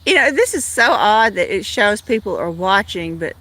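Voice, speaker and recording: A woman's voice: mid-range voice, big pitch swings, normal speed, a bit bright. A woman hosting a casual phone livestream outdoors, chatting to her cats and viewers in a rambling way. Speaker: livestream host. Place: outdoors with kittens, walking to a field.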